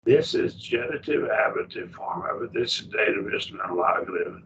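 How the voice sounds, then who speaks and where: A man's voice: lowish voice, animated, moderate pace, fairly bright tone, a little hiss or hum. A man teaching a Greek grammar class, explaining patiently and checking in with his students, heard from a distant mic. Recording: distant mic, dull muffled classroom recording.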